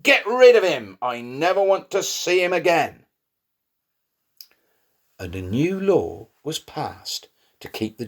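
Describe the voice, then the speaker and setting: A man tells a Bible story to primary-age children in a slow, lively, expressive way, his medium-pitched voice rising and falling a lot. Slightly husky, he stresses key words with rising emphasis to keep the young listeners hooked.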